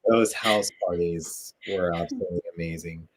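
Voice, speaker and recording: A man's voice: low voice, fairly even intonation, moderate pace, husky. A man hosting a podcast interview, enthusiastic and asking leading questions. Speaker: podcast host. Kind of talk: casual interview chat.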